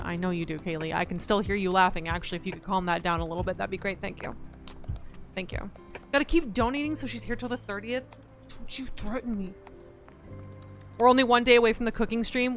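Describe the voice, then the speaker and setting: A woman streaming live, chatting in a playful, joking way and thanking her donors. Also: mid-range voice. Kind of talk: casual live-stream chat.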